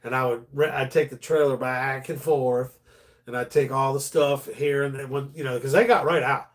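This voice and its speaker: A man hosting a live stream, telling stories in a loose, animated way and swearing casually. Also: medium pitch, normal speed. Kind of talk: casual storytelling chat.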